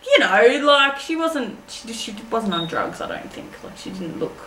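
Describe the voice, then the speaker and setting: An Australian woman chats with a bright voice that swoops up and down, giggling as she trails off mid-sentence. Her voice sits fairly high. An echoey room carries a faint background hum. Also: measured pace. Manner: lively and giggly, trails off with "you know". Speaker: co-host. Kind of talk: casual chat.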